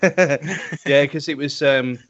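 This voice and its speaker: A man's voice: on the high side, takes it slowly. A man co-hosting a podcast, chatting about a film in a rambling, hesitant way and laughing often. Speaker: podcast co-host. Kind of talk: casual film-review chat. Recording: dull lo-fi podcast audio.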